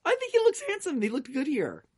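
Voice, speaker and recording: Lively, animated podcast co-host. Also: high voice, brisk. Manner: animated, swears freely and laughs often. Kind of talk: casual chat.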